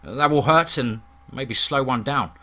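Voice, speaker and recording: Telling a horror story in the first person, this man keeps a steady, dramatic narrating tone. His pitch is medium and his pace a little slow.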